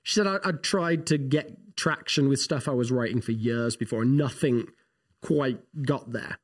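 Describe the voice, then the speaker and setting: A man, co-hosting a casual theology podcast and telling rambling, animated stories full of restarts. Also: mid-range voice, normal speed. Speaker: podcast co-host, pastor.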